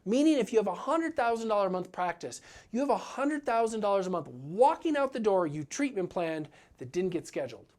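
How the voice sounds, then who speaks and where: A man's voice: sits high, very animated, brisk, hardly any pauses, darkish tone. A man giving a motivational business talk as a practice coach, earnest and direct, often acting out what his clients say.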